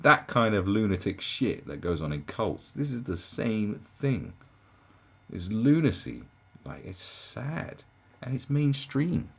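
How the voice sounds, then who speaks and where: A young man ranting in a reaction commentary, incredulous and swearing, swinging from mocking shrieks down to low, sad muttering. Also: creaky, slightly rough.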